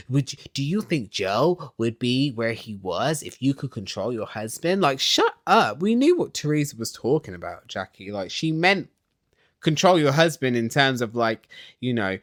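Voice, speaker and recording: A man's voice: medium pitch, fairly bright tone, dry recording, clean studio sound. A young man with a catty, sarcastic and chatty manner, recapping a reality show. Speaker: recap vlogger. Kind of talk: casual TV recap.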